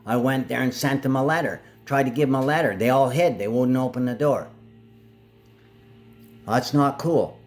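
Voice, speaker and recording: Man, mid-pitched voice, rambling monologue to camera, agitated, speaking to absent family. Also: moderate pace, long pauses, faint music behind. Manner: agitated, drifting in and out of anger. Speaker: vlogger.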